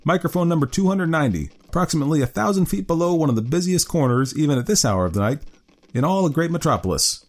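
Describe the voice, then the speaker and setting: A man's voice: a little high, animated, quick pace, voice pushed up. A man voicing a grim middle-aged man who hunts ghouls beneath the city, fervent and gloating. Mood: eager. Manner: fervent, rising to frenzied gloating. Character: grim middle-aged male underground ghoul-hunter chief. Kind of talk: dramatic story reading.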